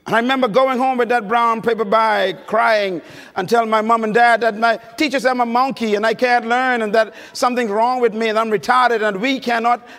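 A man's voice: extremely high pitch, steady tone, brisk, fairly bright tone. A male preacher giving an emphatic sermon at a conference, telling stories and prompting his audience. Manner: emphatic, storytelling, engaging the audience with questions. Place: large conference hall. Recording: long reverb of a large hall.

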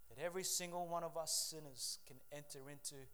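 Man, pastor, sermon, fairly high voice, swings between loud preaching and hushed telling. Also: brisk, clean tone.

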